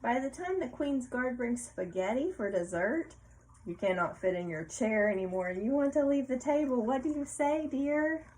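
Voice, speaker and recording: A woman's voice: high-pitched, moderate pace, a little mellow, poor audio. Playful woman reading a storybook aloud. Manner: playful, asks the child questions, laughs often. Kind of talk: picture book read-aloud to a child.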